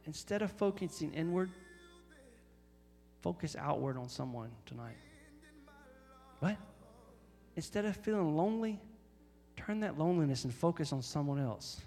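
A man preaching a sermon as pastor, emphatic and repetitive, often rising to loud, high exhortation. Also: animated, normal speed, long pauses, big-room sound, faint music behind.

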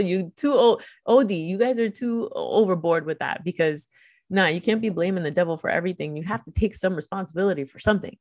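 A woman's voice: mid-range voice, a little fast, dry recording. Fervent woman preaching on a podcast. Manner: fervent, emphatic, conversational preaching.

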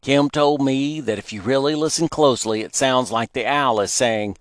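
A man voicing a curious young boy who talks in a hushed, eerie way at times. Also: mid-range voice, moderate pace, no echo, studio quality, voice pushed up, close to an everyday voice. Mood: playful.

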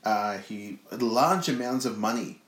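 A man's voice: on the low side, slow pace, fairly bright tone. A man co-hosting a podcast, chatting casually with a crude, rambling sense of humour. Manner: rambling, restarts often, crude joking. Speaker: podcast co-host. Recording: roomy echo.

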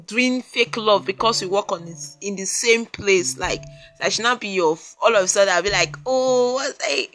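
Podcast host: Nigerian woman, mid-pitched, exasperated storytelling, faint guitar music behind. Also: moderate pace. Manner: animated, exasperated, repeats herself for emphasis. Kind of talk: casual personal storytelling monologue.

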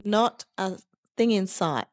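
A woman's voice: medium pitch, expressive, takes it slowly, darkish tone, no room sound, studio quality. A middle-aged woman co-hosting a podcast, chatting casually and acting out her own reactions as she tells a story. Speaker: podcast co-host. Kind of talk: casual chat.

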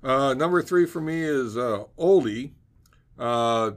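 A man's voice: medium pitch, lively intonation, slow pace. A man co-hosting a podcast, earnestly describing a favorite comedy sketch and laughing as he goes. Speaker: podcast co-host. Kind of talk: casual chat about comedy.

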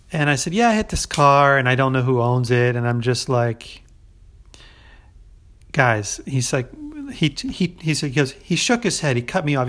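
A young man tells a story on his podcast in a loose, chatty way. He acts out the people in it with lively quoted voices. His voice sits in a medium range. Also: mid-range voice. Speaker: podcast co-host. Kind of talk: casual storytelling chat.

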